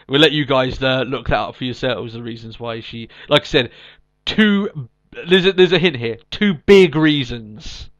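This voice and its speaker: A man's voice: mid-range voice, measured pace, a bit bright, dull audio. A man co-hosting a podcast in casual chat, recapping with lots of ums and restarts. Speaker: podcast co-host.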